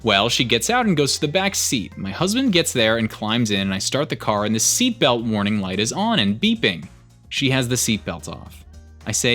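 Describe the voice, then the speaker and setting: A man narrating online posts aloud as a storyteller, reading in a lively way. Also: medium pitch, moderate pace, soft background music.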